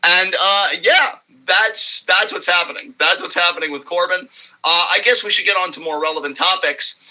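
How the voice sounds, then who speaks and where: A man's voice: high-pitched, moderate pace, bright, forceful tone, poor audio. A young man co-hosting a wrestling podcast, ranting sarcastically and swearing freely in casual chat.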